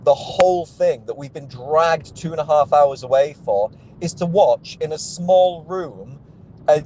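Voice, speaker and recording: A man's voice: on the high side, a little mellow, a little hiss or hum, low-quality recording. Sweary man ranting. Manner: exasperated, sweary, rambling with restarts. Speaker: car sales executive. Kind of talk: ranting vlog monologue.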